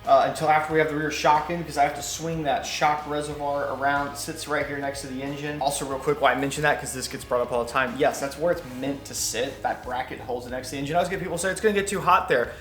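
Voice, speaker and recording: A man talking casually through a motorcycle repair in his garage, chatty and quick to correct himself. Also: fairly high pitch, fairly even intonation, fairly bright tone, roomy sound, faint music behind. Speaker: motorcycle vlogger. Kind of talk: casual workshop how-to. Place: garage workshop.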